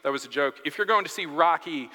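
Male pastor, bright tenor-leaning voice, earnest sermon delivery in an echoing church sanctuary. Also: on the high side, lively intonation, fast. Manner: earnest preaching, drops to soft rhetorical questions. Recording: long reverb of a large hall.

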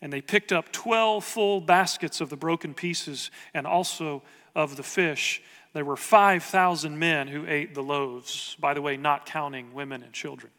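A man's voice: on the high side, unhurried, sharp tone, long reverb tail. A man preaching a sermon as pastor, earnest and conversational, asking the congregation rhetorical questions.

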